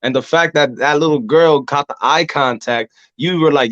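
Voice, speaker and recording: A man hosting a wrestling podcast, telling ring stories in a casual, animated way and acting out voices from the crowd. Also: medium pitch, moderate pace, few pauses, no echo, highs cut off. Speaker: podcast host and pro wrestler. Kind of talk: casual conversation.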